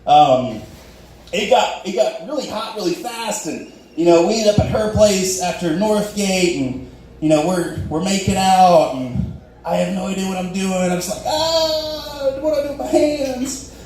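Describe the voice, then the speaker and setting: A young man does a self-deprecating stand-up set on a club stage, acting out dialogue in high, squeaky voices. His delivery is normal speed with a darkish tone, captured as roomy, distant club audio with a bit of hiss or hum.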